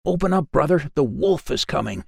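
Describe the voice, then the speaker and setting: A man voicing frightened little piglets in a storybook reading, squeaky and panicked. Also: animated, moderate pace, no echo, studio quality.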